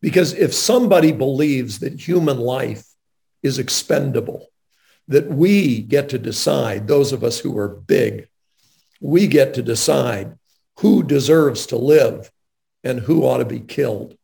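A man's voice: medium pitch, lively intonation, unhurried, vocal fry, mellow. A man interviewing a guest in a faith-based conversation, speaking in an earnest, emphatic way.

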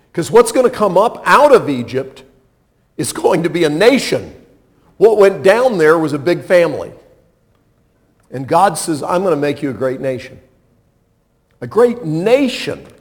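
A pastor delivers an expressive, conversational sermon, sinking to soft, low lines and climbing to loud, emphatic peaks. He often puts questions to the congregation.

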